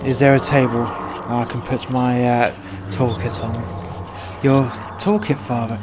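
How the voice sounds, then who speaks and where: A man playing a middle-aged exorcist priest who speaks slowly and softly, calling others "my son" and "my child", in an amateur comedy horror skit. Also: mid-range voice, flat delivery, very noisy, close to an everyday voice. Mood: solemn. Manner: slow, hushed, calls others "my son" and "my child".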